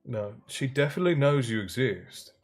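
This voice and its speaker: Impatient teenage boy wizard, voiced by a man, incredulous questions, low-key storybook reading. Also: animated, normal speed, natural voice. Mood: exasperated.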